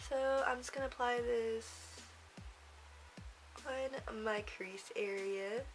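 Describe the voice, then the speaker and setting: A woman's voice: on the high side, slow pace, faint music behind, rough recording. A young woman giving a casual makeup tutorial, chatty and rambling, often trailing off and giggling to herself. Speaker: makeup vlogger.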